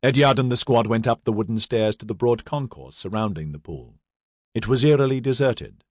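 A man giving a scripted audiobook narration in a steady, even storytelling manner. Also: medium pitch, moderate pace, no room sound, studio quality.

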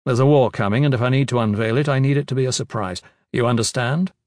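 A man doing a calm, commanding war leader. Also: mid-range voice, fast talker, no room sound, studio quality, close to an everyday voice. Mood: brisk. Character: grown male leader, steady, wry and commanding. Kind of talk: audiobook character voice.

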